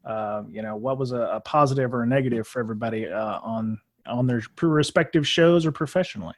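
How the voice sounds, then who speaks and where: A man hosts a relaxed group podcast, his voice sitting at an ordinary middle pitch. He talks loosely, piling up fillers and restarting his sentences. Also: fast talker. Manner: rambling, many fillers and restarts. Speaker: podcast host. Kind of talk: casual group podcast chat.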